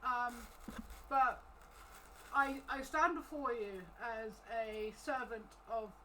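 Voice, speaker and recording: A woman voicing an earnest, apologetic cleric who pleads with a temple crowd in a halting, hesitant way. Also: fairly high pitch, bright, forceful tone, recorded from a distance, a little hiss or hum, low-quality recording.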